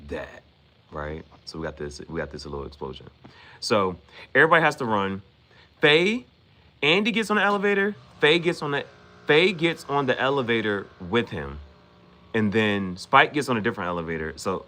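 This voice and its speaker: A man's voice: medium pitch, pushed and bright. A man hosting an anime reaction channel, recapping an episode in a rambling casual way, repeating himself and quoting characters in slang.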